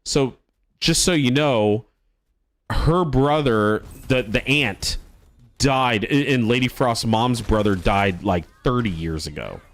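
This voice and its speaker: A man's voice: medium pitch, animated, slow pace, a bit bright. Rambling, swearing male streamer telling stories. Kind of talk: casual storytelling chat to a live stream.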